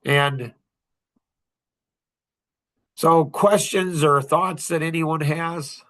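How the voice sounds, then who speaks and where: Podcast host, man, 60s, blunt and preachy, bright voice. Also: a little high, fairly even intonation, extremely slow. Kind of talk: casual podcast talk.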